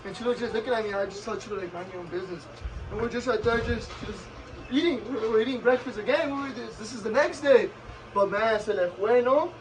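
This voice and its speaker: A man's voice: very high-pitched, fast talker, recorded from a distance, poor audio. A man vlogger casually retelling a story, switching back and forth between English and Spanish.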